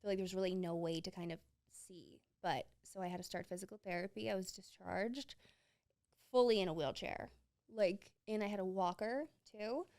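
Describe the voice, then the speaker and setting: A woman's voice: medium pitch, moderate pace, darkish tone. Young female podcast host, raw and emotional, talking in run-on filler-heavy sentences. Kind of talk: candid personal storytelling.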